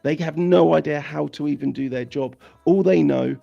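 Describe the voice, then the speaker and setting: A man hosting a news commentary, ranting angrily with profanity, repetition and halting restarts. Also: on the high side, creaky, dull audio, soft background music. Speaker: host.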